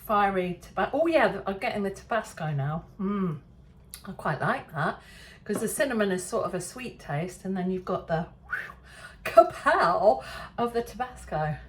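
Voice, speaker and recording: An English woman hosting a relaxed kitchen demonstration, chatty and self-deprecating, often laughing at herself. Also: mid-range voice, slight background noise. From England. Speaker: cooking show host. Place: home kitchen.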